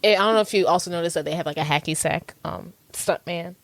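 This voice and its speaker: A woman's voice: fairly low pitch, quick pace, no echo. A woman co-hosting a podcast, casually chatting and laughing while recapping a film. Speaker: podcast co-host.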